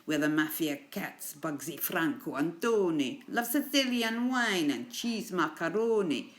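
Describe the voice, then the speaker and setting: A woman's voice: lowish voice, expressive, measured pace. A woman voicing a gang of male mafia cats with a put-on Italian accent, reciting in a boastful, menacing sing-song.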